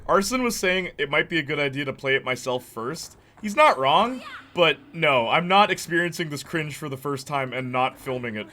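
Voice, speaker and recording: A young man gives animated commentary over gameplay, with a bright, forceful tone and a voice that swings widely in pitch. He laughs often, uses lots of slang and mocks the dialogue in put-on voices. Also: moderate pace, hardly any pauses. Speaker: let's play host.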